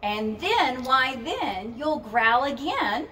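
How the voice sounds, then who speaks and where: A woman's voice: a little high, expressive, slow pace, a bit bright, distant mic. A woman leading a children's storytime as a librarian, singing rhymes in a sing-song, playful way and roaring with the kids.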